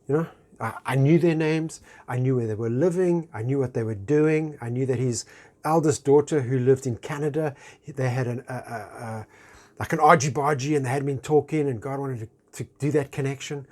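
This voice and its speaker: A man recounting a personal experience as lively storytelling. His delivery is chatty and expressive, with casual fillers and exchanges he acts out himself. His voice sits at an ordinary middle pitch for a man. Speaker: speaker sharing a personal testimony.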